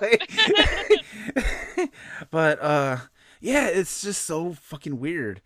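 A man's voice: fairly high pitch, huge pitch swings, a little slow, a bit bright, dry recording, studio quality. A man in his late thirties with a Chicago accent, co-hosting a podcast in rambling casual chat, often stopping to restart and laugh. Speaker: podcast co-host.

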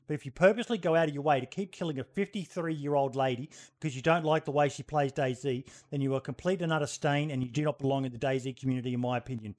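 A man's voice: medium pitch, fast talker, few pauses, a little mellow. A man hosting a casual livestream podcast, talking bluntly and swearing freely. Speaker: podcast host.

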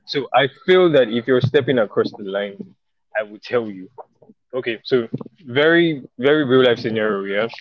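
A man's voice: mid-range voice, moderate pace, no room sound. A young man chatting as a podcast guest, telling stories and acting out other people's lines. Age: young adult. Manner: relaxed storyteller, quotes people in mock voices. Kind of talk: casual chat. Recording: dull, dry sound.

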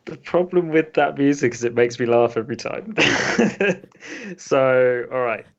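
A man's voice: mid-range voice, lively intonation, measured pace, dull audio. A man co-hosting a podcast, chatting casually and poking fun at himself while telling dad jokes. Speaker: podcast co-host.

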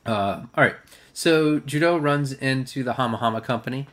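A man's voice: mid-range voice, moderate pace, a bit bright. A man in casual chat, recapping an episode in a rambling way full of fillers.

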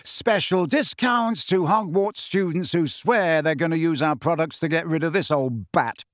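A man's voice: fairly high pitch, moderate pace, no room sound, clean studio sound, lightly acted. A man voicing a breezy teenage boy who talks in a light, teasing way.

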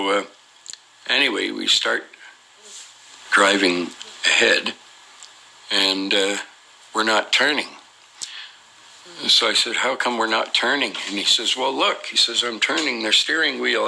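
A man with a very deep, gravelly voice tells a long story in a rambling, casual way, full of fillers and restarts as he acts out what others said. His tone has a sharp, bright edge, and a faint hiss sits behind him. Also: poor audio. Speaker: storyteller recounting an encounter. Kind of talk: casual spoken anecdote.

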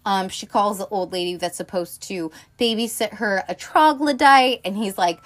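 A woman's voice: medium pitch, moderate pace, hardly any pauses. A woman chatting casually about movies, talking in a loose, swearing, filler-heavy way with lots of asides. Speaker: film podcaster. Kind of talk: casual film review chat.

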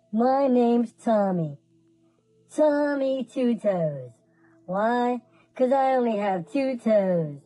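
A woman's voice: mid-range voice, dark tone, no echo, lightly acted, poor audio. A woman voicing a whiny, crude man with two toes in a comedy bit, mopey and sarcastic.

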